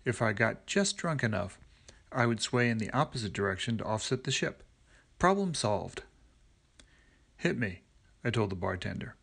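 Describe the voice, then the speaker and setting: A man and regular reader reading a first-person story in a dry, deadpan way. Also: on the low side, normal speed, vocal fry, pauses often, breathy edge.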